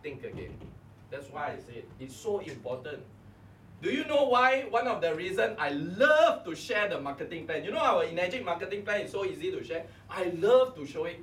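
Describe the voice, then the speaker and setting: Animated Malaysian man coaching a room. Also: high-pitched, normal speed, distant mic. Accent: Malaysian English. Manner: animated, fires rhetorical questions at the audience. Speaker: network marketing coach. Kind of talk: motivational seminar talk. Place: meeting room before a live audience. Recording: echoey room, voice off-mic, faint hum.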